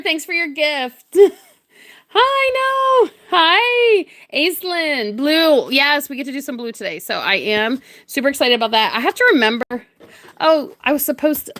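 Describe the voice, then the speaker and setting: A young woman with a high, bright voice chats bubbly and giggly while crafting on a livestream. She keeps thanking viewers by name in a casual, friendly rhythm.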